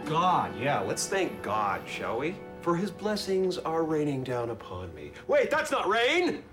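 Give me a self-pitying man at the end of his rope. His voice sits high and swoops wildly as he rants with biting sarcasm. A film score hums underneath. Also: huge pitch swings, unhurried, music in the background. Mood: sarcastic. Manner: sarcastic, ranting, theatrical. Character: bitter, self-pitying man railing at God.

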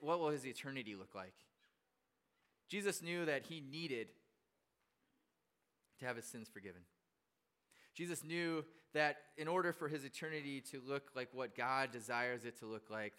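A man's voice: medium pitch, moderate pace, long pauses, a bit bright, clear, resonant tone. A male pastor preaching a casual storytelling sermon in a chatty, self-deprecating way. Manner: chatty and self-deprecating, with frequent fillers and restarts.

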